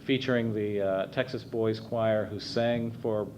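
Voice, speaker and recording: A man's voice: lowish voice, fairly even intonation, measured pace, noisy background. A man giving a conversational public talk at a library, telling anecdotes with frequent fillers. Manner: conversational storyteller with many fillers. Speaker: guest speaker. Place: library meeting room.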